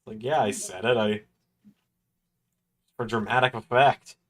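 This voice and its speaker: A man's voice: medium pitch, fairly even intonation, measured pace, a bit bright. Joking, swearing man hosting a watch-along. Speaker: livestream watch-along host. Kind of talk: casual live commentary.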